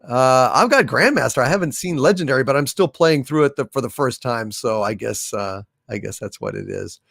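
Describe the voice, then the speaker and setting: A man hosting a comedy livestream chats casually through super chats and corny jokes. His pitch is lively and animated, and he rambles with fillers and chuckling asides. The sound is dry and close-miked. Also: fairly quick, gravelly, no room sound.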